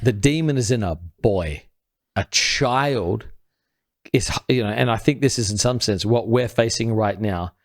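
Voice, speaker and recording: Earnest man teaching scripture in conversation. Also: unhurried. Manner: earnest, builds points step by step; drops quiet and low when quoting scripture. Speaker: podcast co-host.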